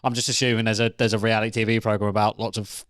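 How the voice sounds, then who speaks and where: A man co-hosting a comedy debate show, trading crude jokes with a deadpan, mock-earnest delivery. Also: fairly low pitch, rapid-fire, no echo, studio quality. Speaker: co-host.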